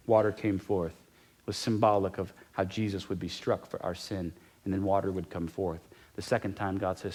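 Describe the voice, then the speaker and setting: A middle-aged pastor preaching a sermon in a conversational way, repeating key phrases for emphasis and sometimes dropping to a near whisper. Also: male voice, lowish voice, darkish tone, slightly rough.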